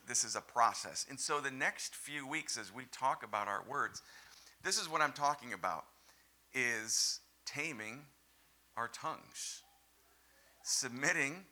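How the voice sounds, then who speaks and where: A man preaching a sermon at an unhurried, deliberate pace. His voice has a very bright, cutting edge. He hits key words hard, then sinks into quiet, intimate lines. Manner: emphatic, swinging from loud stresses to hushed, low lines. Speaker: pastor.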